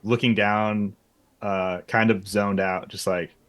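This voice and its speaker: A man's voice: fairly low pitch, level tone, slow, a bit bright, clean tone. A man narrating his character's actions as a player in a tabletop game, loosely and with lots of fillers.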